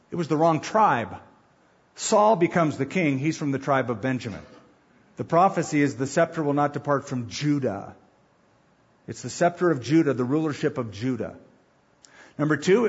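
A man's voice: a little high, breathy edge, highs cut off. A male pastor giving an emphatic sermon, counting off points and acting out quotes. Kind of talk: sermon, Bible teaching.

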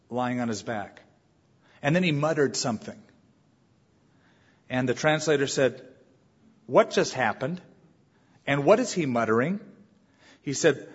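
Husky-voiced preacher in a reverberant hall. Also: male voice, on the high side. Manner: animated preaching with acted asides. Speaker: pastor. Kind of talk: sermon. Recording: dull reverberant church recording.

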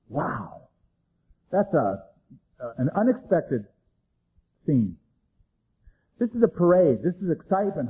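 Husky man preaching a dramatic sermon. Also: big pitch swings, slow pace, pauses often, phone-quality sound. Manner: dramatic, swings between loud emphasis and hushed low lines. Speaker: pastor.

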